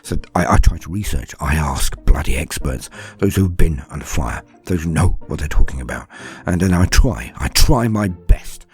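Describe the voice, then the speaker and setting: A man's voice: very deep voice, animated, moderate pace, darkish tone. A man from southern England with a BBC English accent, answering patron questions in a chatty, self-deprecating way with rambling asides. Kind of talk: casual podcast Q&A.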